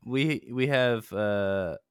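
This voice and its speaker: A man hosting a casual gaming podcast, relaxed and joking, with lots of fillers. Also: medium pitch, extremely slow, smooth, no echo, clean studio sound. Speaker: podcast host.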